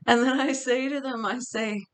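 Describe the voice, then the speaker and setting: A middle-aged woman vlogger telling a story to camera in a casual, chatty way, often laughing. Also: fairly high pitch.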